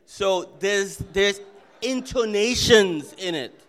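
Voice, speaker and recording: A pastor raised in Jamaica and Trinidad, giving an earnest, conversational welcome and announcements in a church. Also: male voice, high-pitched, sing-song, slow pace, fairly bright tone.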